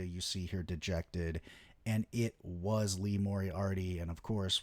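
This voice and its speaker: A young man hosting a wrestling show, ranting excitedly in casual solo commentary with lots of swearing. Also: fairly low pitch, no room sound. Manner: excitable, heavy swearing, animated rants.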